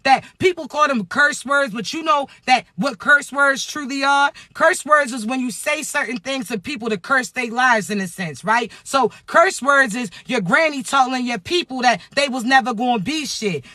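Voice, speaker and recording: Loud high-voiced man preaching casually. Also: normal speed, few pauses, dry recording. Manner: loud, preachy, streetwise, frequent cursing. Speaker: spiritual vlogger. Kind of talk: casual spiritual talk to camera.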